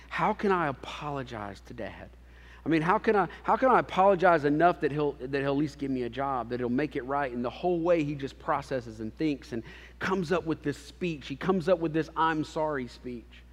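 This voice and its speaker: A man preaching a sermon as a pastor, telling a story with animated, acted-out voices. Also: fairly high pitch. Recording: long hall reverb.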